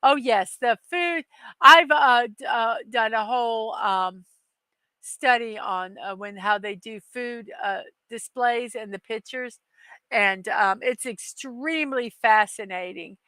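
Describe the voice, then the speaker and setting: A woman's voice: fairly high pitch, slow, bright, forceful tone, clean tone, no echo. A middle-aged woman hosting a daily morning show, chatting casually with many fillers and reading viewer comments aloud. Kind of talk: casual live-stream chat.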